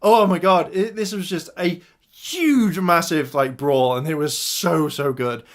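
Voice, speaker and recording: A man's voice: a little high, a little slow. A man giving an enthusiastic casual review of TV episodes, retelling scenes and addressing his viewers. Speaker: video reviewer.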